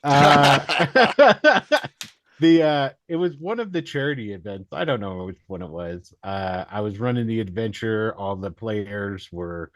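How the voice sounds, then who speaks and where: A man's voice: on the low side, unhurried, a bit bright, no room sound. A man in a casual chat telling a game master story, rambling and self-deprecating, laughing along the way. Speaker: dungeon master.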